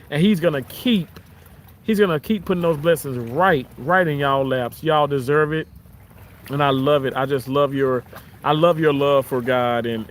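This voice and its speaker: A man with a Southern American accent, chatting casually on a live stream outdoors by the water, warm and grateful as he reads out viewers' messages. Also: a little high, a little hiss or hum. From Southern United States. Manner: warm, grateful, chuckles often. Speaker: live-stream host reading chat.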